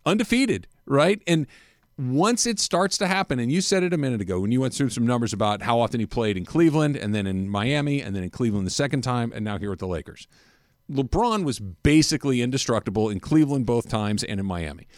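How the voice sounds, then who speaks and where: A man's voice: mid-range voice, fast, dry recording, clean studio sound. A man hosting a sports radio show, chatting casually and telling stories with frequent laughter. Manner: laughs often, animated storytelling. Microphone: studio microphone.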